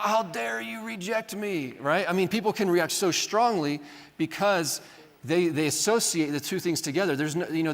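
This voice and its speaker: A man teaching a classroom lecture, talking casually and often asking "right?" as he acts out what people say. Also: mid-range voice. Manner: conversational, often acts out quoted voices, adds "right?". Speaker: Bible college teacher. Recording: reverberant hall.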